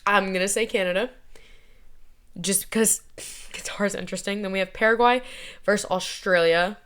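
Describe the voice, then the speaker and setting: A woman's voice: medium pitch, steady tone, normal speed, a bit bright, smooth. A young American woman vlogging in a playful, self-mocking, chatty way. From United States. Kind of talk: casual chat.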